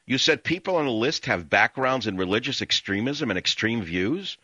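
A man's voice: mid-range voice, lively intonation, normal speed, few pauses, bright, forceful tone, slightly rough, no room sound, dull audio. A man hosting a radio talk show, ranting angrily and hurling insults in a repetitive tirade.

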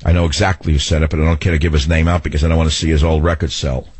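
A man's voice: extremely low pitch, level tone, racing, a little mellow, breathy edge, no echo. An older man hosting a political radio talk show, ranting sarcastically in a long monologue. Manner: ranting, sarcastic, mocking mimicry.

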